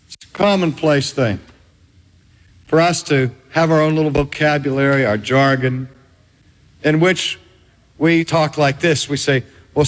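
Slow, high-voiced preacher in a reverberant hall. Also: male voice. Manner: slow, dramatic emphasis with long pauses. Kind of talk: sermon.

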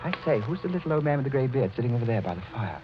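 A breezy, skeptical young English lord talks in a lively, bouncing voice and uses upper-class slang, as a man acts him out. His English accent is clear. Music plays behind the dull, lo-fi old radio sound. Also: mid-range voice, racing, natural voice. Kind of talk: 1940s radio acting.

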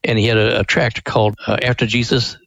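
An older man speaks earnestly in a dry, close studio sound, recounting a story as an interview guest. His voice sits at an ordinary pitch. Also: a little fast, vocal fry, no room sound, low-quality recording. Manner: earnest, animated when acting out quotes. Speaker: ministry president, guest.

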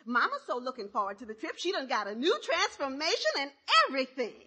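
An actress playing a demanding, tearful wife in a 1950s radio comedy, pleading and weepy. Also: female voice, high-pitched, very animated, fast talker, pushed and bright, breathy edge, exaggerated voice. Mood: coaxing.

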